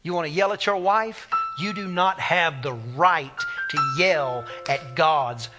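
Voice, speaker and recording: A man's voice: fairly high pitch, slow pace, loud music behind the voice. A man, a pastor preaching an impassioned, conversational sermon. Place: church sanctuary.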